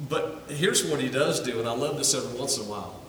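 A male pastor preaches an earnest sermon in a church sanctuary, repeating words as he starts phrases. His mid-range voice is animated and fast, picked up from far back in a roomy hall with background noise.

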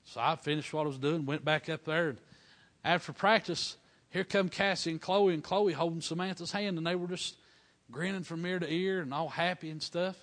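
A man's voice: fairly high pitch, fairly even intonation. A middle-aged man, preaching a folksy storytelling sermon with fervent bursts of praise. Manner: fervent, building to loud praise shouts; folksy dialect, drawn-out emphasis.

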